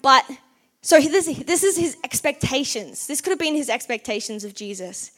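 A woman's voice: high-pitched, lively intonation, normal speed, fairly bright tone. A woman giving a casual sermon, chatty and full of "like", acting out the people in the story as she retells it. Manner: chatty, uses "like" often, acts out quotes. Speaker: preacher.

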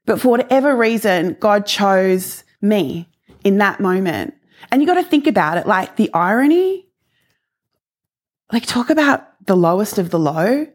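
A woman in her forties gives her faith testimony a little slowly, speaking with earnest emotion. She drops into hushed moments and rises to excited peaks.

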